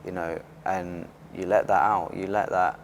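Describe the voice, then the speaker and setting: A man's voice: sits low, moderate pace, slight background noise. A man in his twenties, an athlete guest in a casual interview, talking openly with frequent restarts. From Britain. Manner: open and animated, restarts often.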